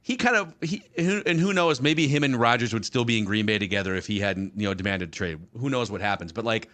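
A man's voice: lowish voice, fast talker, fairly bright tone. A man co-hosting a sports podcast, chatting casually and telling stories with "you know" asides. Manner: storytelling, looks back with many "you know" asides.

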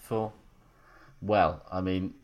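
A man's voice: deep voice, fairly even intonation, very slow, muffled recording. A man co-hosting a podcast, talking in a wry, rambling way and laughing often. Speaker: podcast co-host. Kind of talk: casual banter.

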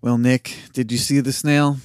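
A man's voice: medium pitch, little pitch movement, moderate pace, loud music behind the voice. A man co-hosting a podcast, talking over a cartoon in casual chat and hedging with "like" often. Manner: hesitant, hedging with "like". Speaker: podcast co-host.

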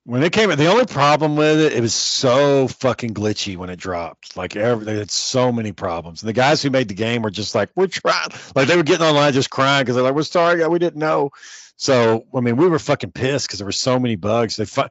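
Man, mid pitch, relaxed profane rambler, muffled dry recording. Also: fairly quick, hardly any pauses, dry recording. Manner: laid-back, swears a lot, rambling. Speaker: gamer chatting with a friend. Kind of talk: casual chat.

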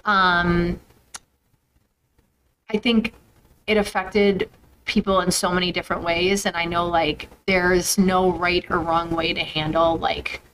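A woman's voice: on the low side, level tone, slow pace, pauses often, a bit bright, a little hiss or hum, poor audio. A woman guest speaking earnestly on a podcast, rambling a little, with lots of "like" fillers. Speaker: guest, running instructor. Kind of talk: casual interview chat.

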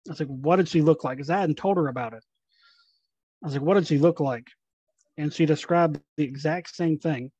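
A young man from Tennessee, a paranormal investigator, telling ghost stories in a casual, animated way and acting out the dialogue. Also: fairly high pitch, brisk, husky, no room sound, muffled recording. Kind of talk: casual storytelling.

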